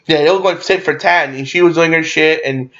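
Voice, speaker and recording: A young man rambling through a casual movie recap, excitable and swearing freely, with lots of fillers and restarts. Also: a little high, brisk, muffled recording. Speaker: movie reviewer.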